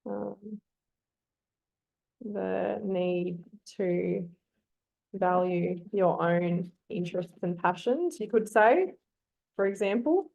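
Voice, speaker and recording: A woman leads a live online class over a computer mic. She coaxes her students to join in and pauses with ums as she works out her thoughts aloud. Her pitch sits in a middle range. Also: gravelly, darkish tone, muffled recording. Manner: coaxing, thinks aloud with frequent ums. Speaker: teacher.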